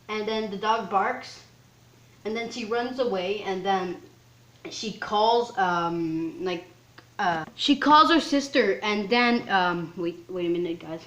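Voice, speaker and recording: A woman recapping a film scene by scene in casual chat, rambling and excitable and leaning on "like" and "um". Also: mid-range voice. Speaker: film reviewer. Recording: roomy echo.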